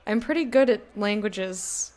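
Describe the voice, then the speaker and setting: An American woman streaming a game, chatting casually with her viewers, self-mocking and quick to laugh. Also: mid-range voice, animated, a little mellow. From United States. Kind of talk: casual gameplay commentary, reading chat.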